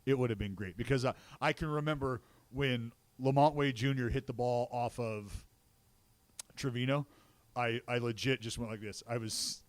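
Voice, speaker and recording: A man who calls baseball games, chatting casually on a podcast and telling animated stories, swearing freely. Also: mid-range voice, normal speed, no echo. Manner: excitable storyteller who swears and gets loud reliving plays. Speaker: baseball broadcaster and podcast co-host. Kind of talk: casual chat.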